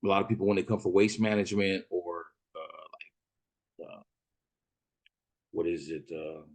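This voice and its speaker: A man from Arizona casually retelling a rideshare story, profane and animated, acting out the other people's lines. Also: low voice, moderate pace. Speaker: rideshare driver telling a story.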